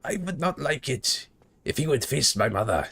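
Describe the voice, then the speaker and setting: A man's voice: mid-range voice, very animated, moderate pace, vocal fry, fairly bright tone, voice pushed up, full character voice. A man putting on a put-on German accent, voicing a stiff, fussy German man who is offended. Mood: indignant.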